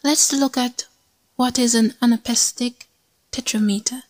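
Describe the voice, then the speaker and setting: A woman reading a poem and teaching a short poetry lesson in a measured, scripted way. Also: a little high, steady tone.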